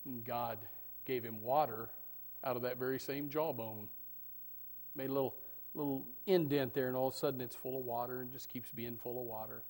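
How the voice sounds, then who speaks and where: A middle-aged male pastor preaching a sermon, animated, swinging from loud bursts to hushed tones. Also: medium pitch, a little fast. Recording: long hall reverb.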